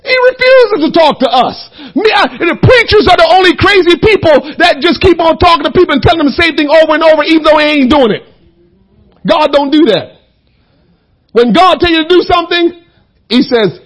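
A man preaching a fiery sermon, shouting and crying out, then dropping to a hush. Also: very high voice, animated, a little fast, poor audio. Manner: shouting, crying out, swinging from loud to hushed.

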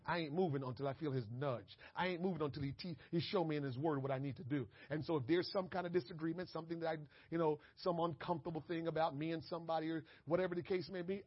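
A man preaching a conversational sermon, dropping to a hush and then rising to shouts, acting out little conversations and laughing at himself. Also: on the high side, husky, dry recording, muffled recording. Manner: conversational preaching with big swings from hushed to shouting. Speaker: pastor.

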